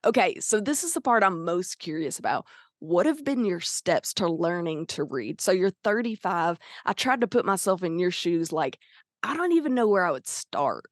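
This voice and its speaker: A woman's voice: lowish voice, big pitch swings, normal speed, no room sound, clean studio sound. A woman hosting a casual interview, supportive and agreeing often. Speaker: host. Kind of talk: interview chat.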